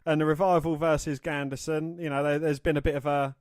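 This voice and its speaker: Smooth-voiced man co-hosting a podcast. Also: fairly high pitch, flat delivery, brisk, dry recording. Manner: enthusiastic, chatty. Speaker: podcast co-host. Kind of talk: casual chat.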